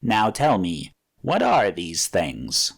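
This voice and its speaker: A man's voice: low voice, wildly swooping pitch, gravelly, breathy edge, full character voice. A man voicing a cold armored gargoyle robot. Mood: cold, dismissive. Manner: slow, cool, contemptuous.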